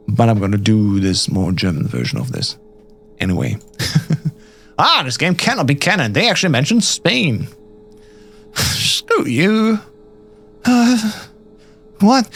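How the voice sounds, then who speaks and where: A man's voice: lowish voice, creaky, a bit bright. A man streaming and chatting casually about a game, giggly and self-deprecating. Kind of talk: casual gameplay commentary.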